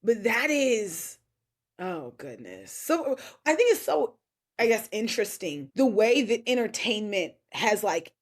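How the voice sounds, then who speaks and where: A woman chatting on a podcast, expressive and quick to laugh, quoting her own reactions. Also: mid-range voice. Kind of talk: casual podcast chat.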